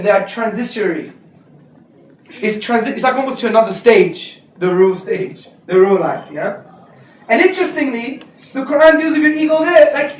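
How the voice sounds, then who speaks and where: A man giving a lively, joking lecture to students, slipping into street slang. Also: extremely high pitch. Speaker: Islamic speaker. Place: lecture hall. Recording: echoey hall recorded from far off.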